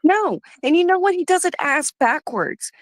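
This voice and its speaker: A woman co-hosting a comics livestream, ranting in an angry, profane, rapid-fire way. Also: very high voice, expressive, no echo. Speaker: co-host.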